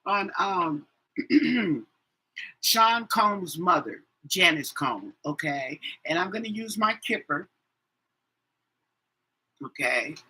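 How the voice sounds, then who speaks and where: A woman's voice: lowish voice, expressive, takes it slowly, long pauses, sharp tone, slight background noise, rough recording. A woman tarot reader chatting casually on a live stream, rambling with many fillers and yawning often.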